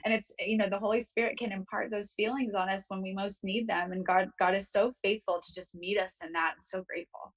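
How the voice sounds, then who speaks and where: A woman's voice: medium pitch, steady tone, brisk, few pauses, rough recording. A young woman, a talk show guest, tells a personal story in an earnest, emotional way, often restarting her sentences. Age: young adult.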